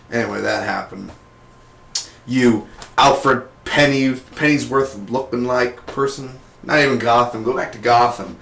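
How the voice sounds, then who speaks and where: Young male reviewer, slangy and rambling, mid-pitch voice, echoey room. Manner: excitable, slangy, rambling with fillers. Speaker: TV show reviewer. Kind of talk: casual recap. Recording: roomy echo.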